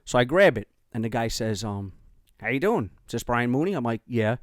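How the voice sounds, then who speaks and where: A middle-aged man with a New York accent, a podcast host telling a family story in animated casual chat and acting out the quotes. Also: mid-range voice, brisk, no room sound, clean studio sound.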